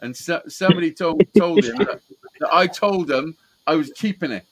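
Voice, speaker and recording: A man's voice: on the high side, normal speed, a loud crowd, rough recording. A man hosting a live call-in show, telling stories casually with constant swearing and laughing at his own tales. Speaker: host of a live call-in stream. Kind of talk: casual storytelling chat, heavy swearing.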